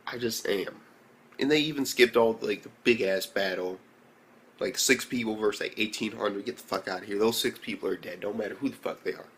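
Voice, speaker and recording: Excitable young man ranting casually. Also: fairly low pitch, a little fast. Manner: excitable, slangy, heavy swearing. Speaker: anime reviewer. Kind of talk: casual video review.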